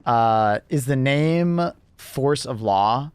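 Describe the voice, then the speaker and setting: A young man live-streaming and chatting casually with viewers, rambling with lots of fillers and quick laughs. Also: mid-range voice, lively intonation, a little mellow, clear, resonant tone, no room sound.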